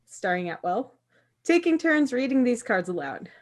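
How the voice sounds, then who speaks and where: A woman's voice: on the high side, sing-song, moderate pace. A woman running a tabletop game on a livestream, upbeat and guiding the others. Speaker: game organizer.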